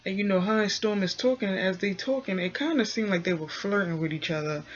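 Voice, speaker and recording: A woman's voice: mid-range voice, quick pace, dull audio. A woman giving a chatty, casual review of a reality TV episode, full of fillers and acted-out quotes. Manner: chatty, full of "you know" and "um", acts out quotes. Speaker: TV recap vlogger.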